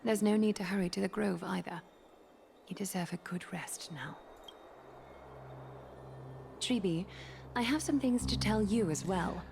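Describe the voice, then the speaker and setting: An actress voicing a calm, composed noble woman leader in a video game, speaking in a hushed, measured way. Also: mid-range voice, creaky, a little hiss or hum. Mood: reassuring. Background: game music.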